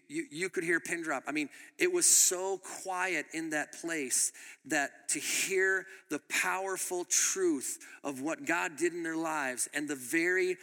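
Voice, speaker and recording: A pastor preaching a sermon in a high, bright voice with an animated, laughing way of telling stories. The sound carries the long reverb of a church hall. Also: male voice. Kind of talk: sermon with storytelling.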